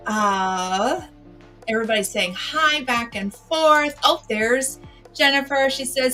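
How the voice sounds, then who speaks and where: A woman's voice: high voice, lively intonation, slow pace, sharp tone, soft background music. A woman hosting a casual livestream, chatting and greeting viewers by name. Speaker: livestream host. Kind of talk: casual chat.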